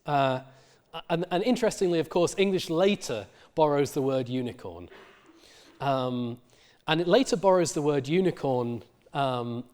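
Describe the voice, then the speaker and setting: A man's voice: fairly high pitch, a little mellow. A middle-aged male university lecturer explaining word history in a recorded lecture, with many fillers and restarts.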